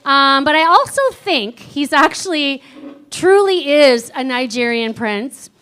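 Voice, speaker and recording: Female comedy host, high and bright, chatty and self-mocking between acts. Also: animated, takes it slowly. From of Dutch and Irish descent. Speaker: open mic host. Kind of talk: stand-up comedy and emceeing.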